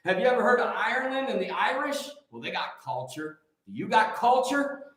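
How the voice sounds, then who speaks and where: Male livestream host, high voice, excitable preachy rambler, heavy room echo. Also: normal speed. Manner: excitable, preachy, jumps between topics. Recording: echoey room.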